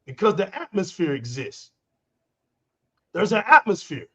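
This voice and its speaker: A man with a high, lively voice co-hosts a gaming livestream. He lays out his points slowly and deliberately. His audio comes through a dull, lo-fi line. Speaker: co-host. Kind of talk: casual livestream commentary.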